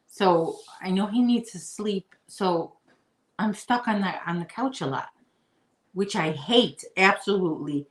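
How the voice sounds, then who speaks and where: A woman's voice: fairly bright tone, echoey room, rough recording. A woman from the Chicago area chatting with her viewers while she crochets, rambling along in a casual way. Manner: chatty and rambling, talks to her puppy in a high baby voice. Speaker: crochet vlogger. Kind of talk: casual chat to live viewers.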